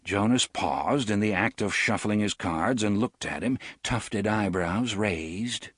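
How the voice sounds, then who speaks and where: A man narrating an audiobook in a steady, measured storytelling voice. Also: fairly low pitch, slightly rough, dry recording, clean studio sound. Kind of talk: scripted narration.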